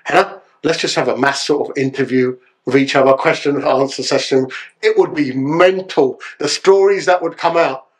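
A man talking as a podcast guest, chatty and animated, tagging his lines with "yeah?". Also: on the high side, normal speed. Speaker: podcast guest, solicitor and actor. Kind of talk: casual podcast chat.

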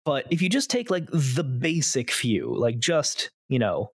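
Young male podcast host, chatty and rambling, lively pitch, dry close mic. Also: a little slow, slightly rough, dry recording. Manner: rambling, heavy on fillers. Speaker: podcast host, game master. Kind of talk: casual chat.

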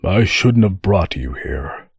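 A man's voice: deep voice, animated, slow pace, vocal fry, breathy edge, no room sound, exaggerated voice. A man voicing a sullen, resigned young male halfkin thief in an audiobook fantasy story.

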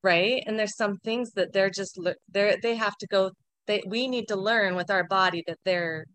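A woman speaking in an animated, emphatic way in a casual group discussion. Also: medium pitch, normal speed, no echo.

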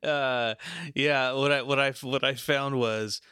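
A man's voice: medium pitch, fairly even intonation, slow, bright, forceful tone, smooth, no echo, studio quality. A man co-hosting a casual podcast, laid-back and hesitant, laughing between words. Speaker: podcast co-host.

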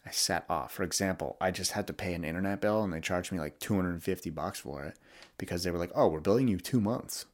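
A man's voice: deep voice, fairly even intonation, fast talker. A young man hosting a solo podcast, talking candidly and reflectively about his feelings, with frequent restarts. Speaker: podcast host.

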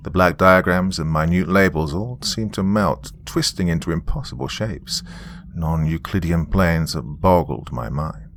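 A man telling a first-person story in a measured, descriptive way. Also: deep voice, a bit bright.

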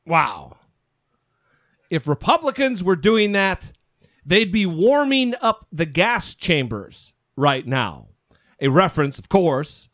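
A man's voice: high-pitched, a bit bright, dry recording, studio quality. A male podcast co-host giving sarcastic, incredulous political commentary.

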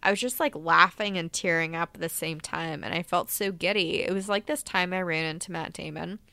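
Excitable woman guest with a smooth lower voice, rapid and giddy, dry close sound. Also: dry recording. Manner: fast, animated, laughing storyteller who swears freely. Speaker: podcast co-host, guest. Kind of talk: excited casual chat.

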